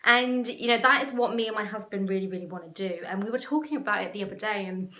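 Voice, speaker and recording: A woman's voice: medium pitch, quick pace, sharp tone, reverberant. A woman business coach talking to camera in an emotional, passionate, rambling way. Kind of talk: casual talk to camera.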